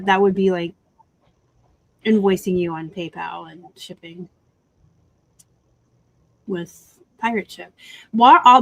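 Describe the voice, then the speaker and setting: A woman's voice: mid-range voice, a little mellow, no echo, rough recording. A woman hosting a casual live-stream chat about reselling, rambling through asides and laughing often over a video call.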